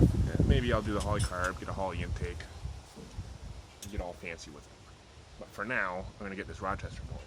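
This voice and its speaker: Low-ish guy rambling about his project car, joking around, noisy garage video, hiss all over it. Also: a little fast. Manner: rambling, offhand, jokey. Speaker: car hobbyist vlogger. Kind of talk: casual workshop vlog. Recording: noisy home video with steady background noise.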